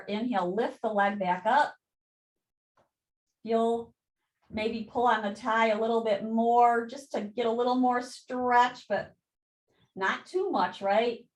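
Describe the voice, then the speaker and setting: A woman yoga instructor giving calm step-by-step cues and counting breaths through a guided class. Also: fairly high pitch. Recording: echoey room.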